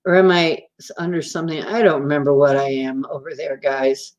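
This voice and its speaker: A woman's voice: low-pitched, fairly even intonation, fairly quick, darkish tone. A woman hosting a casual livestream, chatting in a rambling, teasing way and laughing easily. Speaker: livestream host.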